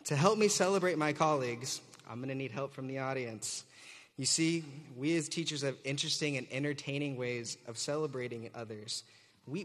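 A young man, a graduating student teacher, gives a joking and earnest commencement speech at a podium microphone. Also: mid-range voice. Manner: joking, warm and earnest, leads audience cheer. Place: large hall. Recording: reverberant auditorium.

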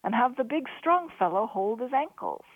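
A woman's voice: fairly high pitch, expressive, normal speed, husky, pitched above the performer's own voice. Big sailor with dry teasing wit, voiced by the woman narrator. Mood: wry. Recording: dry, phone-like narrow sound.

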